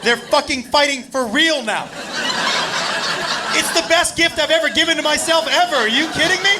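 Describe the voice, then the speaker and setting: A man doing stand-up comedy on a club stage, telling a wild story loudly and laughing through his punchlines. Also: very high-pitched, normal speed. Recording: live club set with audience laughter. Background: crowd laughter and room noise.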